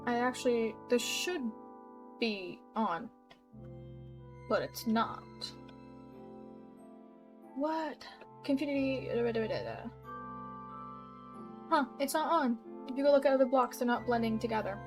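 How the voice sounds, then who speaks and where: Young woman streamer, slightly high voice, rambling and bubbly, soft game music underneath. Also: expressive, takes it slowly, long pauses. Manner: chatty and bubbly, giggles and trails off. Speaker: gaming YouTuber. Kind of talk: casual gameplay commentary. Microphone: desk mic with audible keyboard.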